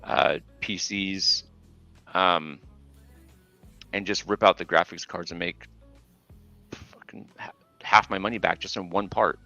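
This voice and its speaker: A man's voice: deep voice, steady tone, slow pace, gravelly, long pauses, sharp tone, dry recording. Guy chatting on a stream, swears a lot, kinda muffled dry mic, faint music behind. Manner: loose, profane, lots of fillers and restarts. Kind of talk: casual chat. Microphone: remote call mic.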